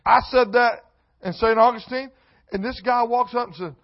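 A man preaching a sermon in a church, mixing loud emphatic lines with comic asides. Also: sits high, moderate pace, lo-fi sound. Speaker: pastor. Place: church sanctuary.

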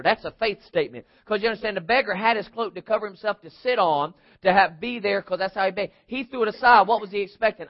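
A man preaching a sermon, acting out the voices of his story, swinging from shouts down to near whispers. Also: high voice. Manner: acts out crowd voices in his telling. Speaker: pastor. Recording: dull lo-fi recording.

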